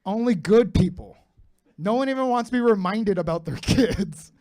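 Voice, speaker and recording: A man's voice: high-pitched, expressive, moderate pace, a little mellow. A man in his thirties doing a profane stand-up comedy set, bantering brashly with the crowd. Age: 30s. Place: comedy club stage with live audience.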